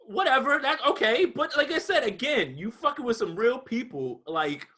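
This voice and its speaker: High, bright-voiced ranting man. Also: moderate pace. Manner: animated, profane, ranting. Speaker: podcast co-host. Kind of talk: casual chat.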